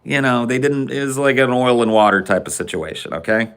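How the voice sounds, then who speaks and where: A man hosting a podcast, telling a funny story in an animated, profane way. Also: mid-range voice, brisk. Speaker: podcast host. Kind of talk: comedic storytelling.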